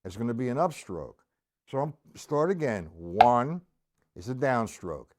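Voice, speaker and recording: A man's voice: mid-range voice, very animated, a little slow, very noisy. A middle-aged man teaching a live-streamed drum lesson, patiently explaining and counting aloud as he plays.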